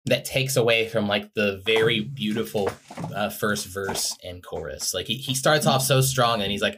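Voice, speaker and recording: A man's voice: lowish voice, steady tone, moderate pace, pushed and bright, a little hiss or hum. A man co-hosting a podcast, chatting casually with frequent swearing and wry jokes. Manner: profane, wry. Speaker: podcast co-host. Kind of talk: casual chat.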